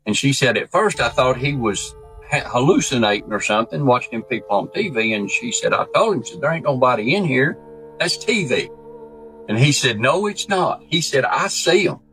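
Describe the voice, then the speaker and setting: A man telling a true story in a folksy, animated way, acting out the voices he quotes. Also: mid-range voice, normal speed, faint music behind. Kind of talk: casual spoken storytelling.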